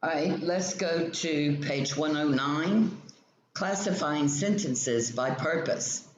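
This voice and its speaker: A male teacher slowly reading a grammar textbook lesson aloud, explaining each example sentence step by step. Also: fairly high pitch. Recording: roomy, dull lo-fi sound with faint ambient noise.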